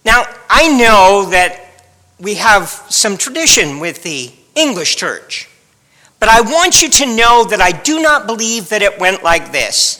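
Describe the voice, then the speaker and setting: Slow, high-voiced preacher. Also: male voice, very animated, sharp tone, big-room sound. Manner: storytelling, wry and dramatic. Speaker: pastor. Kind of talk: sermon.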